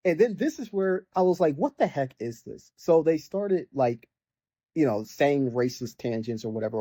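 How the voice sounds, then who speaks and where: A man's voice: medium pitch, expressive, normal speed, dark tone, dry recording. A young man ranting casually about a video game, rambling with lots of fillers and mocking the characters in exasperated bursts. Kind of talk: casual rant.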